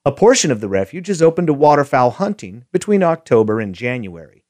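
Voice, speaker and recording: A man reading scripted narration for a wildlife auto tour in a measured way. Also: mid-range voice, sing-song, darkish tone, no room sound, studio quality.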